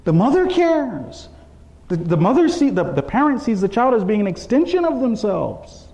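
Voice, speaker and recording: A man's voice: very high voice, sing-song, normal speed, warm tone. A man giving a sermon, telling a story and acting out the quotes with shifting voices, often checking in with "right?". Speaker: religious speaker.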